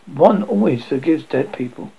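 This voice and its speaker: A man's voice: a little high, animated, moderate pace, vocal fry, slightly rough, dull audio, full character voice. A man voicing the faint, weary ghost of a dead young wife, speaking in a hollow, pleading tone. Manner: pleading, tender.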